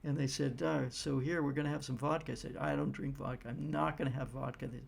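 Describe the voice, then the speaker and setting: Gravelly-voiced American man, rambling commentary. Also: mid-range voice, steady tone, fast talker. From United States. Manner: rambling, with frequent fillers and restarts. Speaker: political commentator. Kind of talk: casual political monologue.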